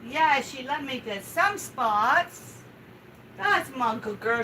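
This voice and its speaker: A woman's voice: high-pitched, expressive, slow pace, sharp tone, slight background noise, low-quality recording. A woman hosting a live stream, talking casually while she grooms her dog, with a coaxing, soothing baby-talk manner. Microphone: home live-stream setup.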